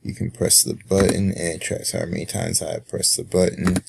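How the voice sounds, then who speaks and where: A man talking through a coding tutorial in a relaxed way, with frequent ums and uhs. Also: low voice, normal speed, vocal fry, background noise. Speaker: instructor. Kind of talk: screen-recorded coding tutorial.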